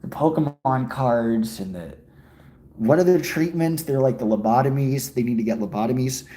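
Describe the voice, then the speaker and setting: A man's voice: mid-range voice, normal speed, warm tone. A man livestreaming while out walking, answering his chat in a joking, crude, rambling way. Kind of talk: casual chat. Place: walking outdoors in a city.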